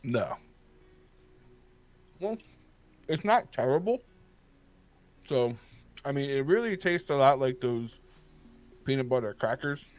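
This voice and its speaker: A man's voice: medium pitch, takes it slowly, long pauses, faint music behind. A man co-hosting a live morning show, chatting casually while eating. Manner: talking while eating, relaxed. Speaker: co-host. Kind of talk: casual live-stream banter.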